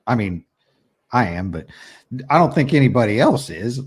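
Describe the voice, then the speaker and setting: A man's voice: medium pitch, big pitch swings, moderate pace, breathy edge. A man co-hosting a podcast in casual chat, teasing his co-host with profane banter.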